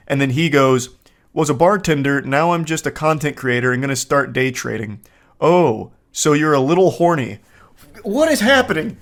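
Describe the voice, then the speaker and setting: A man in his thirties with a mid-range voice reads text messages aloud and adds comedic commentary, staying mostly deadpan but erupting into incredulous outbursts.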